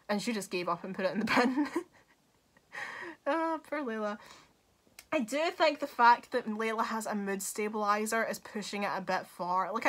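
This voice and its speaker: A young woman hosting a casual gaming talk video, animated and laughing often, swearing freely as she shares her thoughts. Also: mid-range voice.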